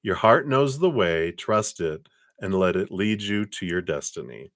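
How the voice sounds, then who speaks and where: A man's voice: low voice, expressive, measured pace, no echo, studio quality. A man doing live-stream card readings, talking in a rambling, reassuring way with lots of "you know". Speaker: card reader.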